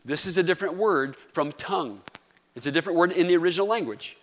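Preaching in a North Carolina Southern accent, this pastor keeps his sermon relaxed and conversational, regularly asking the congregation questions. He talks quickly with lively intonation in a fairly bright voice pitched a little above the typical man's, and the sanctuary gives it a long reverb.

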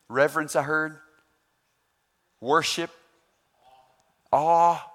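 A man preaching a sermon, animated, rising loud on emphasis and asking the congregation questions. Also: a little high. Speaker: pastor.

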